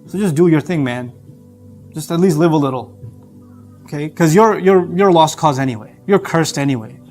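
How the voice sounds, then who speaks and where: Guy doing the devil, sly and coaxing, mocking you to quit, kinda low and lazy, faint music behind. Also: normal speed, a little mellow, close to an everyday voice. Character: sly male devil tempting believers.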